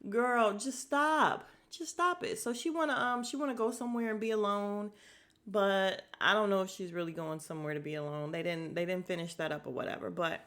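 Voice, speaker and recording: A woman's voice: medium pitch, fairly even intonation, fast, a bit bright. Blunt woman recapping TV. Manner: blunt, opinionated, exasperated commentary with sarcastic asides. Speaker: podcast host recapping a TV show. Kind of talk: casual chat.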